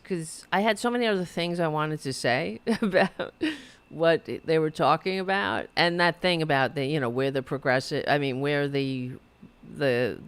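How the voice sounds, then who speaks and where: A woman's voice: sits low, clean tone. A middle-aged woman hosting her own talk show from her apartment, rambling and self-deprecating, reading chat messages aloud. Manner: reads viewer chat aloud. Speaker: podcast host.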